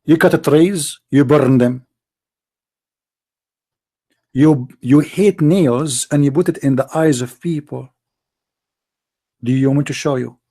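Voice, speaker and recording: A man's voice: a little high, dark tone, slightly rough. A man hosting a live debate stream, arguing emphatically with rhetorical questions and non-native grammar. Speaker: live debate show host.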